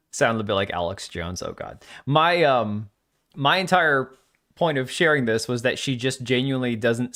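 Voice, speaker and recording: A man hosts a live stream and talks at an ordinary pitch for a man. He comments bluntly and mockingly, and rambles from one point to the next. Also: fairly bright tone. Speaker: streamer host.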